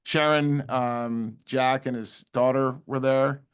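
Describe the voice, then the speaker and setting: A man's voice: mid-range voice, steady tone, slow, clear, resonant tone. A middle-aged man, a guest in a casual interview, telling stories in a chatty way. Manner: storytelling, chatty.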